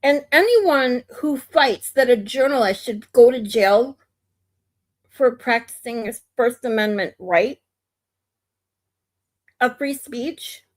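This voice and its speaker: A woman's voice: on the high side, expressive, slow, long pauses. A woman streamer from the United States giving blunt, opinionated commentary in a casual ranting manner.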